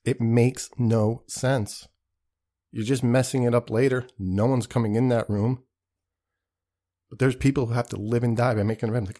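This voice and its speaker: A low-voiced man hosts a podcast, rambling through a casual comedic monologue. He swears freely, mocks himself and acts out the people he quotes. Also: fairly even intonation, normal speed, dark tone. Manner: rambling, profane, self-deprecating. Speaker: podcast host.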